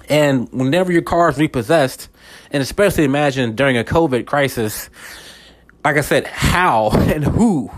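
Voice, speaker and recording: A man hosting a podcast, talking through a casual faith monologue, repeating words and often checking in with listeners. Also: mid-range voice. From United States. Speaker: podcast host.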